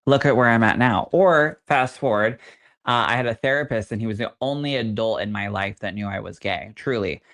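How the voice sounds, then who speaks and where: A young adult man, a psychic medium co-hosting a podcast, telling stories in an animated, campy way. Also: mid-range voice, normal speed. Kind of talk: casual podcast chat.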